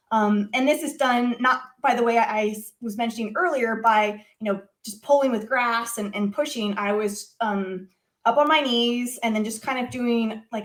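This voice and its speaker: A woman, a guest on a talk show, telling a personal story in an animated conversational way with many filler words. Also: fairly high pitch. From United States. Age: adult.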